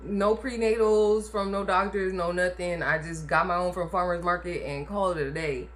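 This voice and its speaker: A woman's voice: lowish voice, fairly even intonation, normal speed, a bit bright. A woman casually telling a personal story to camera, chatty and emphatic, often adding "like" and "okay?". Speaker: vlogger telling her birth story.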